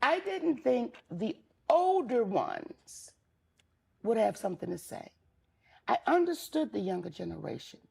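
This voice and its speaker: Brief: older woman comic, gravelly husky voice, candid storyteller, a bit high. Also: very animated, unhurried, darkish tone. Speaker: guest comedian. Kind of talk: casual chat.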